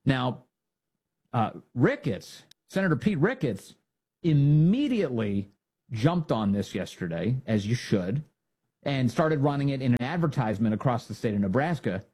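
A male talk-show host with a husky, slightly rough voice, his pitch swinging widely as he mocks his opponents. He talks in a sarcastic, opinionated monologue and keeps slipping into exaggerated impressions of the people he criticizes. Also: big pitch swings, moderate pace, a little mellow. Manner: sarcastic, mocking, acts out quoted voices. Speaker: political commentary host.

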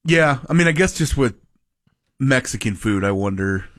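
A man's voice: medium pitch, expressive, moderate pace, a bit bright, no room sound. A man hosting a sports radio show, reading the time and lineup and trading dry teasing jokes in casual chat. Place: radio studio.

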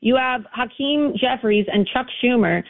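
A woman's voice: on the high side, measured pace. A woman guest calling into a radio show by phone, speaking emphatically and assertively. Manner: emphatic, assertive political talk. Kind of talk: phone-in interview. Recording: tinny phone line.

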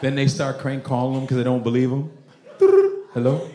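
A male stand-up comedian on a club stage, delivering a loud, animated, profane set. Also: medium pitch, fast. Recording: roomy club with crowd laughter and noise.

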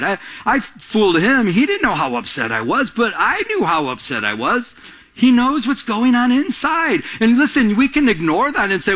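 Middle-aged male pastor, sermon delivery, higher-pitched man, swings from emphatic loud lines to quiet asides. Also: sing-song, normal speed. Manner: acts out little voices in anecdotes, laughs while telling them.

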